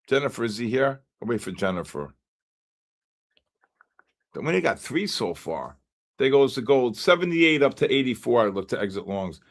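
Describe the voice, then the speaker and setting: A man hosting a live trading stream, calling out viewer names one by one like an auctioneer. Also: medium pitch. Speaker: livestream host.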